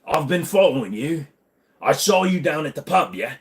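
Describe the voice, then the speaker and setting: A man's voice: fairly high pitch, big pitch swings, normal speed. An American man doing a put-on Cockney accent as a shady, chummy pub-goer.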